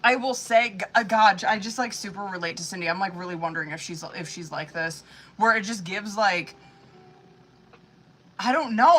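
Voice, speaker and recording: Woman reading tarot live, bright and forward voice, loose, foul-mouthed, talkative. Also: mid-range voice. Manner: profane, chatty, full of "like" and "you know what I mean". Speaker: tarot reader. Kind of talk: live-streamed tarot reading, casual chat.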